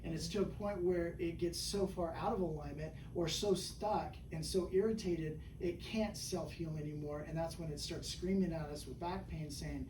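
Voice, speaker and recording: A man's voice: fairly high pitch, fairly even intonation, moderate pace, hardly any pauses. A man who works as a chiropractor, telling patient stories in a casual interview and rambling with lots of "you know" and "right?". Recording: echoey room, mic at a distance, faint background hum.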